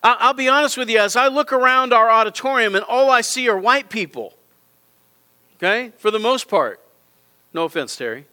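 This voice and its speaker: A middle-aged man preaching to a congregation in a church auditorium. His voice sits high and sounds bright and forceful. He hammers his points with repeated phrases and direct appeals to the people in the pews. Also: lively intonation, normal speed, clean tone. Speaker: pastor. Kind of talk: sermon.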